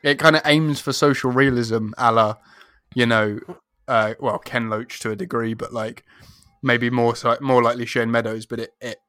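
A man's voice: mid-range voice, steady tone, normal speed, fairly bright tone, dry recording. Man, podcast co-host, rambling and sweary, dry close sound. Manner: rambling, sweary, laughs often, mimics film lines. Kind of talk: casual chat.

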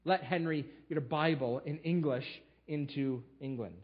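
A man's voice: fairly high pitch, normal speed, hardly any pauses, muffled recording. A man preaching a sermon to his church, telling history with emphatic storytelling. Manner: emphatic storytelling, fillers and restarts. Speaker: pastor. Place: church sanctuary.

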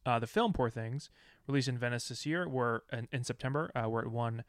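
A man's voice: mid-range voice, brisk, no echo. Upbeat male podcast host, dry sound. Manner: upbeat, laughing, reads lists of facts. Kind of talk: casual chat.

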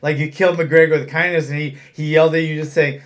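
A man who coaches fighters holds court in relaxed chat. His voice sits a little high for a man, and his talk is blunt and peppered with swearing. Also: quick pace. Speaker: fight gym owner, coach. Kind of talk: casual podcast chat.

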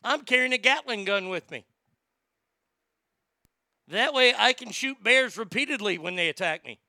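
A man's voice: high voice, expressive, normal speed, vocal fry, sharp tone, dry recording. A man delivering a profane, blustering comedic rant, stammering when worked up.

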